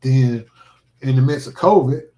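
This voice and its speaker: A man's voice: medium pitch, a little slow, mellow. Earnest man in an echoey room. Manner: earnest, emphatic, preacherly. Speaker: livestreaming vlogger. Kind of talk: casual heartfelt livestream talk. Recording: roomy echo.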